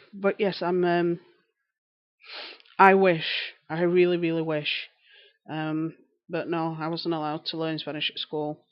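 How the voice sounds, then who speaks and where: A woman's voice: sits low, steady tone, slow pace, pauses often. A woman from York with a Yorkshire accent, chatting casually on a live stream while knitting and answering viewers' comments. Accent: Northern English, Yorkshire. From England. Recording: slightly dull lo-fi stream audio.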